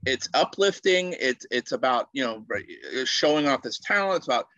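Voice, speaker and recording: A man's voice: mid-range voice, lively intonation, moderate pace, pushed and bright, no room sound, muffled recording. A man interviewing a guest, keen and praising, who stammers and repeats his words as he asks questions. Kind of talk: casual interview talk.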